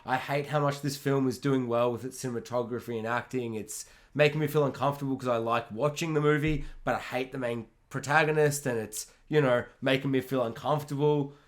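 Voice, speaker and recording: A man co-hosting a podcast, talking about a film in casual chat, animated and quick to swear and burst into loud reactions. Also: mid-range voice. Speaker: podcast co-host.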